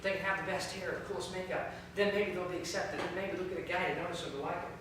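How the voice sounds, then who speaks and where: A man who leads a youth ministry, giving a storytelling training talk, lively and often repeating words as he searches for them. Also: high-pitched, quick pace, far from the mic, background noise. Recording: echoey room, voice from afar.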